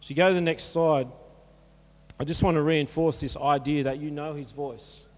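On the high side and steady in tone, a man's voice carries a sermon at normal speed. He's a pastor speaking earnestly and encouragingly, like a conversation, with church hall reverb around him.

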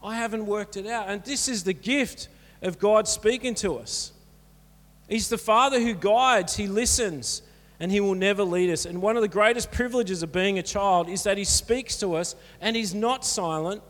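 Man, pastor, high voice, earnest encouraging sermon, long church-hall reverb. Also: normal speed, a bit bright. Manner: earnest, encouraging, conversational preaching.

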